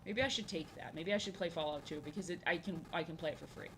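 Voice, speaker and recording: A young woman streaming as she draws, chatting casually and rambling, often repeating herself and filling pauses with "um" and "like". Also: on the low side, background noise. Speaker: art streamer. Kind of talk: casual chat while drawing on stream.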